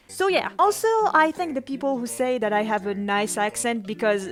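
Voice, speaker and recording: A woman's voice: a little high, normal speed. A young woman from France with a French accent, hosting a casual question-and-answer vlog in a playful, self-mocking way. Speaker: YouTube channel host.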